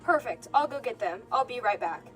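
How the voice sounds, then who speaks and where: Woman doing a sneaky mom in a toy drama, fake sympathy, slow and careful, faint music. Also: fairly high pitch, lively intonation, slightly rough. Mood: scheming. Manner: falsely sympathetic, measured. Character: scheming mother, sweetly false.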